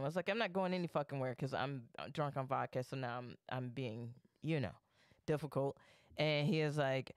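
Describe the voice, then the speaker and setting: A man's voice: medium pitch, fairly even intonation, normal speed, smooth, no room sound, clean studio sound. A young man co-hosting a podcast, telling a story animatedly, swearing freely and acting out what people said. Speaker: podcast co-host. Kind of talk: casual storytelling chat.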